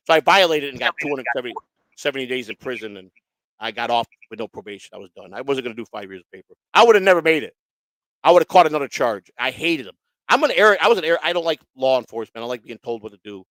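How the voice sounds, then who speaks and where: A man's voice: mid-range voice, sing-song, quick pace, fairly bright tone, no echo. A man telling his own story as a guest in blunt, profane casual talk, acting out what other people said. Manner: blunt, swears constantly, acts out other people's lines.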